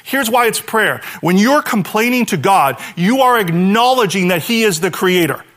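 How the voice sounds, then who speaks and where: A man preaching a sermon to his church, animated, dropping to a hushed voice when he voices a prayer. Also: high voice, normal speed. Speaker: pastor.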